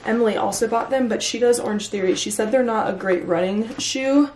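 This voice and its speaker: A young woman in her twenties chatting casually to camera at home in a vlog, excitable and full of fillers. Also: a little high, brisk, reverberant, slight background noise. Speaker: vlogger. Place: home living room.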